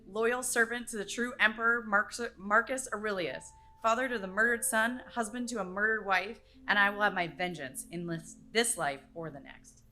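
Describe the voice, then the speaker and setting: Bright-voiced woman reading a dramatic speech. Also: medium pitch. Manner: declamatory, measured pauses between phrases. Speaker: student reading a film monologue. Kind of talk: dramatic script reading practice.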